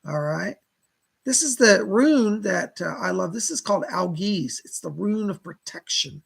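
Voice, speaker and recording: Gravelly, husky-voiced man chatting on a live stream. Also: high-pitched, expressive, unhurried, low-quality recording. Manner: gushing, chatty, full of exclamations. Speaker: psychic medium hosting a live stream. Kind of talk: casual live-stream chat.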